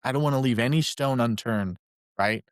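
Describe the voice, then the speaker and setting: A man in mid pitch chats loosely on a podcast, playful and upbeat, dropping into squeaky put-on voices for a joke. He sits close to the mic in a dry, dead room. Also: normal speed, clean tone, no echo. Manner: chatty, playful, jokes in silly high voices. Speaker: podcast co-host. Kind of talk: casual podcast chat.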